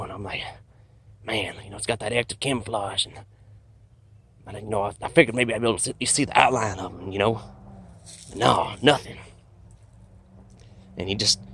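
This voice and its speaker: A man's voice: fairly low pitch, pushed and bright. A man telling a rambling comic survival story in a folksy, drawling storytelling manner. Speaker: comedic bushman storyteller. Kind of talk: deadpan comedic monologue.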